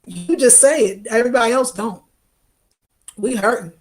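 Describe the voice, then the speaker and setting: A woman with a New York accent, chatting casually on a live stream and reading viewer comments in an animated, expressive way. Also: on the high side, moderate pace. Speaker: travel vlogger.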